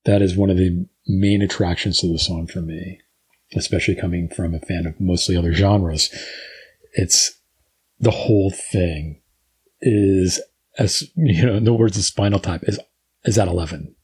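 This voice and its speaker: A man's voice: sits low, steady tone, moderate pace, a little mellow, slightly rough. A man guesting on a music podcast as a band's singer and lyricist, wry and articulate. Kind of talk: casual music podcast chat.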